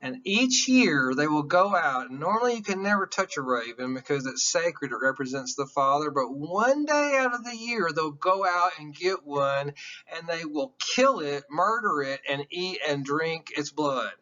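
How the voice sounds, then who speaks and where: A man giving a classroom lecture in an excitable, emphatic way, often checking that his listeners follow. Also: a little high, moderate pace, lo-fi sound.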